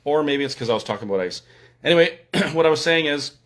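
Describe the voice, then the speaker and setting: A man's voice: a little high, expressive, fast, a bit bright. A man from Alberta with a Canadian accent, hosting a casual livestream from a hotel room and speaking in an opinionated, sarcastic, emphatic way. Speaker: livestream host.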